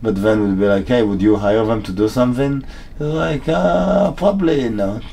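A man's voice: lowish voice, a little fast, warm tone. A man co-hosting a podcast, telling stories about himself in a casual, self-deprecating way and acting out quotes. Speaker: podcast co-host. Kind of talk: casual chat.

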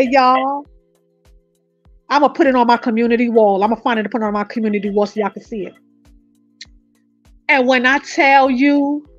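A woman giving casual commentary, telling stories in a lively way and speaking directly to her viewers. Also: high-pitched, no room sound, highs cut off. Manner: animated storytelling, addressing viewers as "y'all". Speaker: online commentator.

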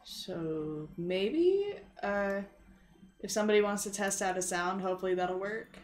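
Animated woman streamer reading chat. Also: mid-range voice, a little slow, soft background music. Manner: animated, swearing, laughing, reading chat aloud. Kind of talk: casual live-stream chat while gaming.

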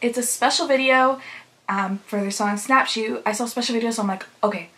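A woman's voice: a little high, fairly even intonation, brisk, fairly bright tone, low-quality recording. A young woman hosting a fan reaction video, gushing and squealing as she reacts, with faint music behind her. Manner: gushing, squealing, breathless fangirling. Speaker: YouTube reaction host. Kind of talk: excited fan reaction vlog.

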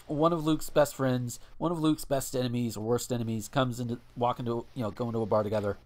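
A man's voice: medium pitch, steady tone, fast talker, darkish tone. A man hosting a casual podcast, rambling with restarts and swearing freely. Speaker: podcast host.

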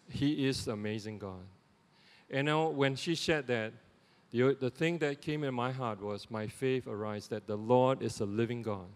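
A middle-aged man with a Singaporean English accent, giving a lay sermon in a conversational, animated way with lots of "you know" asides. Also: mid-range voice. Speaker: lay preacher. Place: church sanctuary. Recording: long church reverb.

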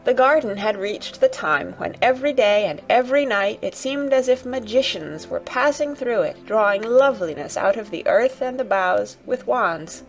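A woman narrating a children's audiobook in a gentle, even storytelling manner. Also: on the high side, moderate pace, hardly any pauses, soft background music.

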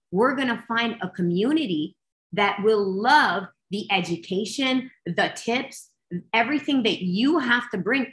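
A woman business coach speaking as a guest, emphatic and expressive, often restarting her sentences. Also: mid-range voice, reverberant. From Canada. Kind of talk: energetic coaching talk.

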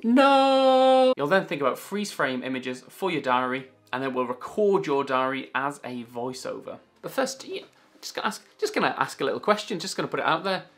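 Give me a playful, chatty man leading a children's writing lesson with a very lively pitch. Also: brisk. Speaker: teacher.

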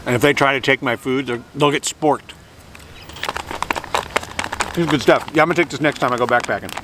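A man's voice: mid-range voice, a little fast. A man rambling casually through a food review with jokey asides, sitting outdoors by the water and filming on a hand-held camera. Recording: outdoor traffic and vehicle noise.

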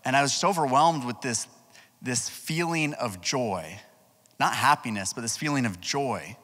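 A man preaching to a youth group as its pastor, telling a personal story with lively energy and asking the crowd questions. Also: medium pitch, moderate pace. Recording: long hall reverb.

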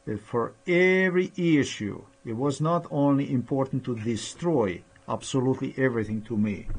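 A man in a rambling personal monologue, halting with many pauses and fillers, sounding aggrieved and accusatory. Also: medium pitch. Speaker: vlogger.

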